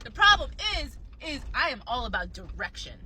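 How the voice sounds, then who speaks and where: High, lively, sassy woman storyteller. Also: brisk, a little hiss or hum. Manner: sassy, animated, self-mocking about her dating life. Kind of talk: casual storytelling to camera.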